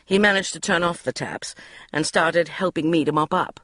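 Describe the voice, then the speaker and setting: A woman reading a first-person diary audiobook in a wry, expressive way. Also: fairly low pitch, moderate pace, no room sound, clean studio sound. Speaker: audiobook narrator.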